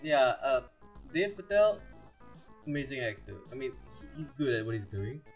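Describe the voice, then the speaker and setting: A man's voice: mid-range voice, very animated, moderate pace, faint music behind. A man from India co-hosting a podcast, chatting casually about films, laughing often and acting out quotes. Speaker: podcast co-host. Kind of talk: casual film chat.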